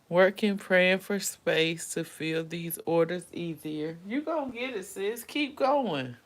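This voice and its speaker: A woman's voice: lowish voice, slow. A woman hosting a casual livestream chat, calling her viewers sis and honey and saying she keeps pressing on though she is tired. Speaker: livestream host. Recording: roomy room sound, faint background noise.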